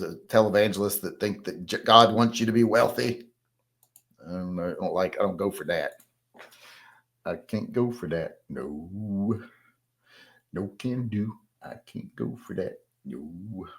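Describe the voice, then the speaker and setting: In a casual solo podcast, a Southern American man reads out viewer comments and answers them bluntly, in a rambling, folksy style. His voice sits lowish with a bit of brightness.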